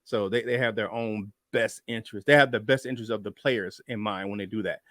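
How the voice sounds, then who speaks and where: A man hosting a casual sports podcast, loose and excitable, laughing between points. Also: medium pitch, quick pace, hardly any pauses, dry recording, studio quality. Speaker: podcast host.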